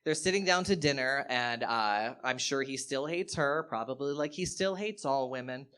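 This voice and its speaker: A man performing stand-up comedy on stage, telling a story in an animated, profane way with sudden loud outbursts. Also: mid-range voice, moderate pace, smooth. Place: live stage show.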